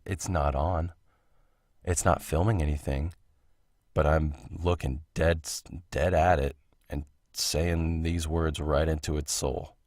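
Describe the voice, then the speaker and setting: Man, very deep voice, casual solo podcast, rambling, self-interrupting, dry close home mic. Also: a little mellow, no echo. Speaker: podcast host. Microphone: home recording mic.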